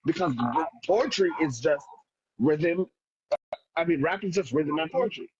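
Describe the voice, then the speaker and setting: A man's voice: fairly high pitch, animated, a little slow, a little mellow, dull audio, a little hiss or hum. A man with a Jamaican accent, a poet guest talking casually in an interview, often restarting and asking "right?". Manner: frequent restarts and filler, rhetorical "right?".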